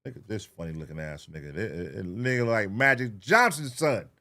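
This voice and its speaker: A man streaming live, reacting to clips and chatting loudly and profanely with his viewers. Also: on the low side, fairly quick. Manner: loud, excitable, profane, animated. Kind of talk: casual livestream chat.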